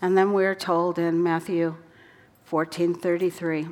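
A woman preaching a sermon in an earnest way, her voice dropping soft for quoted words. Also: fairly low pitch, flat delivery, unhurried. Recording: long hall reverb.

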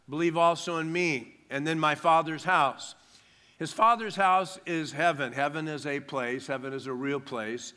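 A man preaching a sermon, stressing phrases slowly and dropping to quiet asides now and then. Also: fairly high pitch. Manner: emphatic preaching, drawn-out phrases, drops to soft asides. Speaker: pastor. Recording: long reverb of a large hall.

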